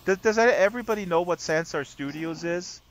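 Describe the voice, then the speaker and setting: A man's voice: high voice, fairly quick, noisy background. A man hosting a casual live stream chat in a virtual world, playful and joking with a rowdy group. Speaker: host.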